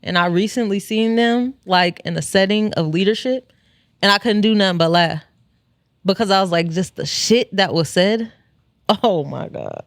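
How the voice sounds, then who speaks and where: A woman's voice: mid-range voice, dry recording, clean studio sound. Laughing woman in her thirties, co-hosting. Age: 30s. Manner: laughing, teasing, quick reactions. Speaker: podcast co-host. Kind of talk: casual chat.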